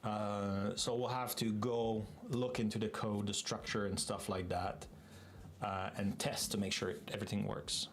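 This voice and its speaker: A man's voice: on the low side, little pitch movement, slight background noise. Chatty French Canadian man streaming. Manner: rambling, chatty, quick asides. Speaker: live-coding streamer. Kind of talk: casual live-stream chat.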